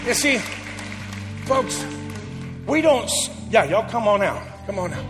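A man, a pastor preaching a sermon, animated and shouting to his congregation. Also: high voice, unhurried. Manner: animated, shouting, call-and-response. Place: large church hall. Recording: long hall reverb, faint music.

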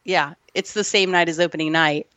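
A woman's voice: on the low side, steady tone, a little fast, fairly bright tone, no room sound. A woman co-hosting a podcast, retelling an old film with emotion and frequent laughter. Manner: emotional, gushing, laughs often. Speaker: podcast co-host. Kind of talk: casual film review chat.

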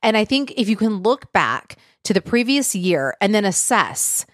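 A woman's voice: medium pitch, sing-song, normal speed, dry recording, clean studio sound. A woman hosting a casual motivational podcast, chatty and full of filler words, with a tickle in her throat. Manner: chatty, lots of "like" and "um". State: throat tickle, clearing throat and coughing. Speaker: podcast host. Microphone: podcast mic.

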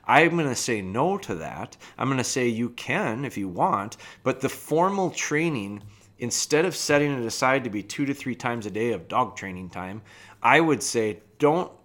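A man talking easily on his podcast, drifting through his explanation with plenty of ums and restarts. His voice sits at an ordinary middle pitch. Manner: relaxed, conversational, with fillers and restarts. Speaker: podcast host and dog trainer. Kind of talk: casual podcast talk.

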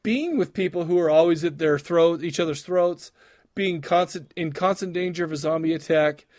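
Chatty, slightly high-voiced man. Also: normal speed, darkish tone. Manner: rambling, many restarts and laughs. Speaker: podcast co-host. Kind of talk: casual chat.

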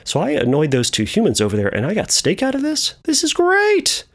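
A man's voice: sits high, huge pitch swings, a little fast, pitched above the performer's own voice, heavily acted. A man voicing a scheming dog that is pleased with itself for winning a reward. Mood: smug.

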